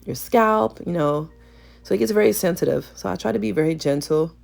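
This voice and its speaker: A woman hair stylist with a gravelly morning voice, chatting playfully to viewers in a salon vlog. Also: fairly low pitch, a little fast, a little mellow, soft background music. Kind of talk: casual voice-over vlog chat. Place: salon suite.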